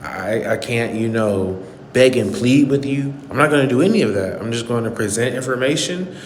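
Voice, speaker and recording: An earnest man delivers an indignant commentary monologue and hammers home his points by repeating them. His voice sits at an ordinary pitch but rings with a long echo, as if he is in a bare room, and soft music plays beneath him. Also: lively intonation, normal speed, slight background noise. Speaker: channel host. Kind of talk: commentary monologue on a played clip.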